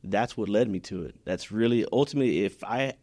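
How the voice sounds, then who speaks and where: A man's voice: fairly low pitch, a little fast, darkish tone, no room sound. A man from Houston, Texas, talking as a podcast guest in an earnest, heartfelt way, often restarting his sentences. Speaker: podcast guest, business owner. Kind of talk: casual interview chat.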